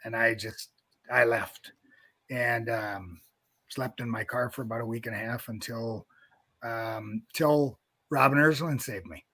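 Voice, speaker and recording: A man's voice: medium pitch, measured pace, pushed and bright, no room sound. A man in his fifties from North Dakota, a wrestling coach being interviewed, telling a long story in a rambling way with many restarts.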